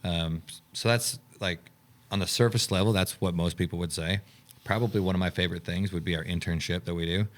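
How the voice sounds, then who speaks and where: A man with a very low voice tells the story behind his camp in an interview. He brings it to life by acting out the conversations he recalls, shifting his voice for each person. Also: a little fast. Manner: animated storyteller acting out quoted dialogue. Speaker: camp owner and director.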